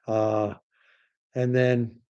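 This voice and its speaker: A man's voice: medium pitch, level tone, extremely slow, mellow, clear, resonant tone, dull audio. A middle-aged man from Canada hosting a livestream, rambling in casual commentary and turning scornful when he argues. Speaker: livestream host.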